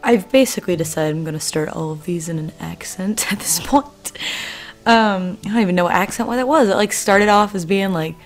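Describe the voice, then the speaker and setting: A young woman talks casually over her artwork in a bubbly, rambling way, full of ums and little asides. Her voice sits at an ordinary middle pitch, close to a desk mic, and faint music plays underneath. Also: a little fast. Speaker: art channel host. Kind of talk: casual voice-over commentary on a drawing. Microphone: desk microphone.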